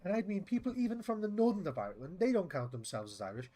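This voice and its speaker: Sweary, rambling streamer. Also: male voice, sits high, expressive, quick pace, dark tone. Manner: rambling, sweary, chatty with viewers. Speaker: game streamer. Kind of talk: casual live-stream chat.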